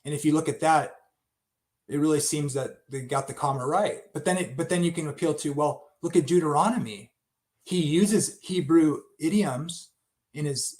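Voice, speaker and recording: A man giving an unscripted Bible study talk, thinking aloud with many restarts and asides. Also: on the high side.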